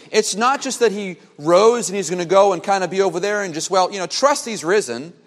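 Guy preaching a sermon, kinda high voice, long reverb hall, punchy repeats and pauses. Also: lively intonation. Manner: emphatic preaching with dramatic pauses and repeated phrases. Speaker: pastor.

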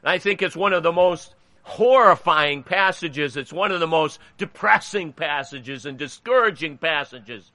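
Man, pastor, emphatic sermon, bright forceful voice, dry close sound. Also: on the high side, moderate pace, no echo. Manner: earnest, emphatic preaching. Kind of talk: sermon with a poem reading.

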